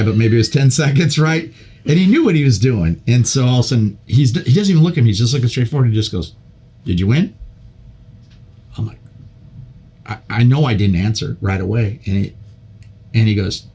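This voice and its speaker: An older man with a low, husky voice tells a story over a casual podcast chat. He is animated, repeats himself and restarts sentences as the memory carries him along. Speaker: podcast guest.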